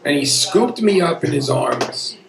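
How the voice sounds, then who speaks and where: Speaking unhurriedly in a fairly high, gravelly and expressive voice, a man in his fifties tells a personal story on stage. The setting is an echoey pub room at a live storytelling event, where his earnest, conversational, wryly edged delivery competes with noisy background and audience murmur.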